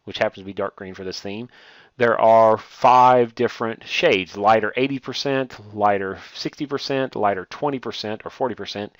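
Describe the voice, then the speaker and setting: Low-voiced man talking through a software tutorial. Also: no echo. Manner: plain step-by-step explaining with fillers. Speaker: instructor.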